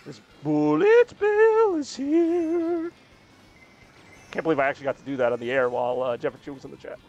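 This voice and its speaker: A young man in a mid-range voice rambles and jokes while he plays, reacting to whatever his chat throws at him. Quiet game music sits under his voice. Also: medium pitch, level tone, racing, muffled recording. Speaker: streamer. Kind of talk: casual game-stream chatter.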